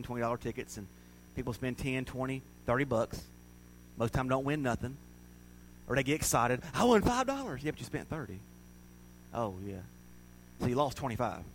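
A man's voice: mid-range voice, a bit bright, slight background noise, low-quality recording. A man preaching a sermon. He talks with the congregation in a conversational, emphatic way and mixes in jokes. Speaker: pastor.

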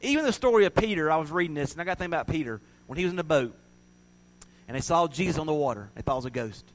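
A male pastor preaches a sermon in a high, bright-edged voice. His delivery is conversational and emphatic. He often speaks straight to the congregation and works jokes into the message. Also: expressive, very fast, poor audio.

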